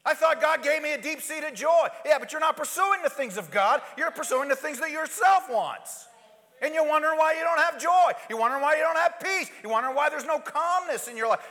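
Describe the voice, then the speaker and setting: High, bright-voiced preacher in a reverberant hall. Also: male voice. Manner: swings from loud urgent preaching to hushed, intimate asides; acts out quoted prayers and pleas in different voices. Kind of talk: sermon.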